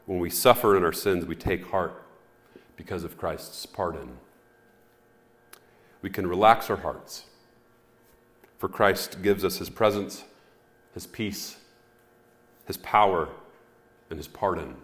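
Earnest low-voiced man preaching. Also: fairly bright tone. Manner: earnest, measured, with pauses and fillers. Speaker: pastor. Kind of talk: sermon. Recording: echoey hall reverb.

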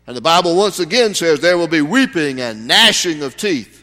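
A man's voice: on the high side, animated, normal speed, few pauses, sharp tone. A man preaching a sermon as pastor, folksy, with sudden emphatic rises. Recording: long hall reverb.

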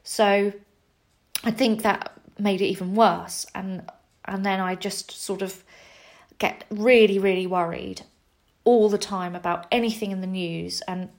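A woman's voice: medium pitch, unhurried. Candid woman telling her story. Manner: candid and self-deprecating, animated when quoting herself. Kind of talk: personal storytelling.

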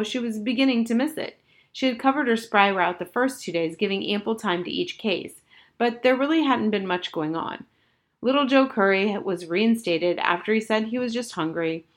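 A woman narrating a children's novel aloud in a clear, measured storytelling manner. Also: medium pitch. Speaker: audiobook reader.

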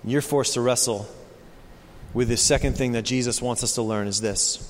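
A man preaching a sermon as pastor, swinging from hushed, low passages to loud, excited ones. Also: normal speed, a little hiss or hum. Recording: long reverb of a large hall.

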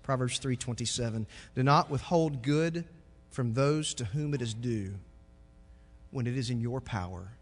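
A pastor preaching a sermon, moving from quiet reflection to loud, joking stretches. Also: male voice, medium pitch, measured pace, in a large hall.

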